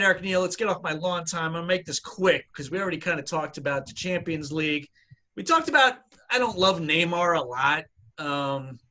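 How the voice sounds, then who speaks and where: A man's voice: on the high side, pushed and bright. A man co-hosting a casual sports podcast, talking in an emphatic, opinionated rant. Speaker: podcast co-host.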